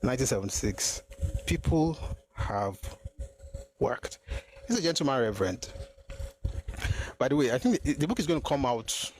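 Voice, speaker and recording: A man's voice: mid-range voice, very animated, moderate pace, long pauses, a little mellow, a little hiss or hum. A man hosting a live stream, thinking aloud and restarting his sentences, slipping into Yoruba phrases. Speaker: host of a live history stream. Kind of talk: casual live-stream talk.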